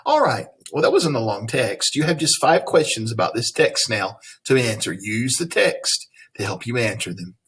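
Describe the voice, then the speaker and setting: Male teacher, husky tone, reads a lesson text aloud with playful asides to the class. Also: mid-range voice, sing-song, moderate pace, few pauses, fairly bright tone. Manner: friendly, playful asides to students.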